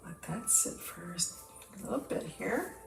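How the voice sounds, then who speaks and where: Craft host: woman with the hiccups, enthusiastic, gravelly lower voice, recorded off-mic in a roomy space. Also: lively intonation, unhurried, far from the mic, music in the background. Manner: chatty, enthusiastic, talks to viewers while working. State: has the hiccups. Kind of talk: casual crafting demo. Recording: roomy, off-mic, with clear background noise.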